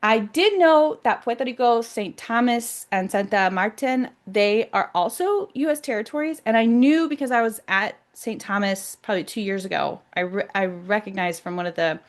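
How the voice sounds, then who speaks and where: Excited, emphatic woman talking to camera. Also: medium pitch. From United States. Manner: excited, emphatic, repeats words. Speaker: self-described psychic vlogger. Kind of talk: casual monologue to camera.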